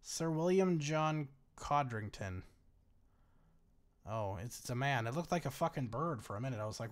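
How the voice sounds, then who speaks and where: A man's voice: mid-range voice, animated, moderate pace. Gaming host: casual man, medium voice, bemused running commentary with frequent laughs and swearing. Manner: chatty, bemused, swears freely, laughs often. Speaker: gaming YouTuber. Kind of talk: casual let's-play commentary.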